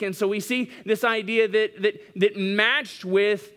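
A pastor preaching a sermon at a church service, conversational and repeating phrases for emphasis. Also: male voice, sits high, fairly even intonation, measured pace, fairly bright tone, clear, resonant tone.

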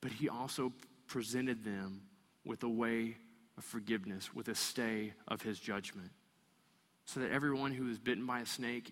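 A man preaching a sermon, animated and storytelling, acting out the voices of the people in the story. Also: medium pitch, in a large hall. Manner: animated, acts out voices of complaining people and kids. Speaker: pastor.

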